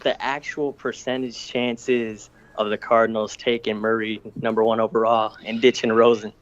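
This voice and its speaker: A man's voice: lowish voice, flat delivery, moderate pace. A man asks a sports question in a jokey way on a call-in stream. His voice comes through a dull, lo-fi line. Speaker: caller. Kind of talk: casual sports chat.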